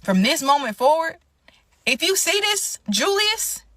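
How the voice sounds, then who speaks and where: A young adult woman telling an emotional storytime monologue, animated and indignant, often turning to her listeners as y'all. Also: very high voice, measured pace, no echo.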